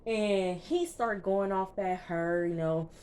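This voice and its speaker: A woman reviewer recapping a TV episode in a casual, slangy, chatty way, tossing in quick asides as she goes. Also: medium pitch, darkish tone, clear, resonant tone. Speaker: TV show reviewer.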